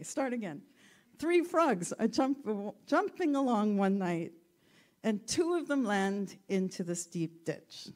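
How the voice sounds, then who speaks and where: A woman giving a gentle, reflective talk and telling a story, with self-deprecating humor. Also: mid-range voice.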